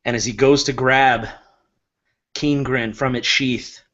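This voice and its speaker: A man narrating his character's actions in a tabletop game, slow and dramatic. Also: medium pitch, steady tone, fairly bright tone. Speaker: player. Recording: dull lo-fi.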